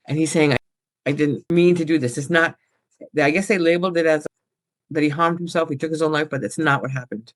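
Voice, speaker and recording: A woman working as a psychic medium, talking casually and rambling as she relays messages from spirits. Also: fairly low pitch. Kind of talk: casual paranormal chat.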